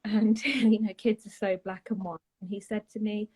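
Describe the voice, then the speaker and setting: Soft-spoken husky woman. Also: medium pitch, little pitch movement, low-quality recording. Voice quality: husky, breathy. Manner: soft, halting, trailing off and restarting. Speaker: guest. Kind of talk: emotional personal account on a live chat.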